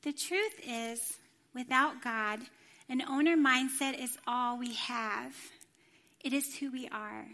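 A middle-aged woman giving a sermon in a church, telling a personal story in an animated way and acting out the voices she quotes. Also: fairly high pitch. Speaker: former children's ministry director, church speaker.

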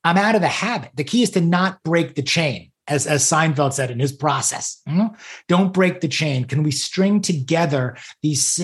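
Enthusiastic man talking goals. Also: a little high. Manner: enthusiastic, repeats key phrases. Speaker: podcast co-host. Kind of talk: casual conversation.

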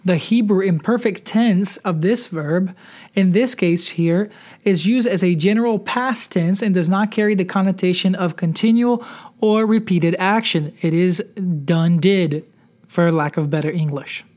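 A preacher hosting a devotional podcast, teaching in a measured way and reading scripture passages aloud. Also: mid-range voice, darkish tone.

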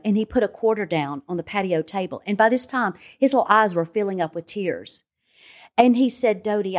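An older woman, a grandmother, teaching as a guest on a devotional podcast, earnest and emphatic, repeating phrases in long lists. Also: on the low side.

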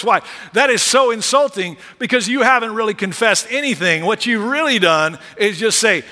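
Forceful preaching man, echoing hall. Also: high-pitched, a little fast, few pauses. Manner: lively, conversational preaching with humorous asides. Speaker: pastor. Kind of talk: sermon. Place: large church sanctuary. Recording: long reverb of a large hall.

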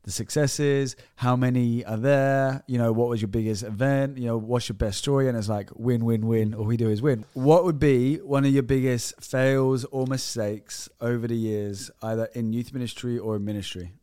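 A man's voice: mid-range voice, steady tone, normal speed, few pauses, warm tone, clean tone, dry recording, clean studio sound. A man in his thirties co-hosting a podcast interview as a youth pastor, friendly and jokey. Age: 30s.

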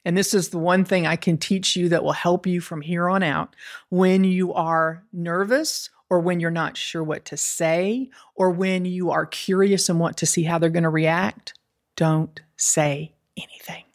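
A woman speaking in a relaxed, jokey way as an interview guest. Her voice sits a little low, and she laughs easily as she talks. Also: normal speed. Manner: easygoing, laughs often, jokey. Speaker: guest, semiconductor negotiator. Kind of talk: casual interview chat.

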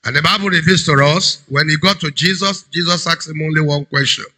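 A man preaching a sermon as a pastor, emphatic, swinging between loud cries and low urgent tones. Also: brisk, low-quality recording.

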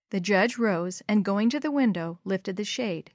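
A woman narrating a storybook aloud in a clear, measured way. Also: mid-range voice, lively intonation, no room sound, studio quality. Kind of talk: storybook reading.

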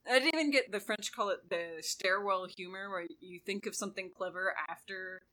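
Bright-voiced woman telling a story. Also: mid-range voice, normal speed, poor audio. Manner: animated storytelling, fond of mock quotes. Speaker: podcast co-host. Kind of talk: casual podcast chat.

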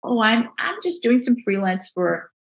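A woman with a New Jersey accent, a book designer telling stories in a casual interview, animated and full of restarts. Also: a little high, moderate pace, creaky, poor audio. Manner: animated, acts out quoted voices, many restarts.

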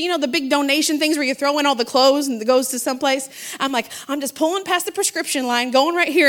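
A woman's voice: high voice, fairly bright tone. A middle-aged woman preaching a sermon with passion, talking to the congregation in a casual back-and-forth way. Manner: passionate, conversational preaching with call-outs to the congregation. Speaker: pastor's wife preaching.

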